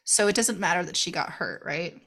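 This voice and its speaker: A woman with a fairly low, gravelly yet fairly bright voice speaks briskly. Co-hosting a podcast, she reviews a movie in lively casual chat, laughing and swearing as she acts out characters.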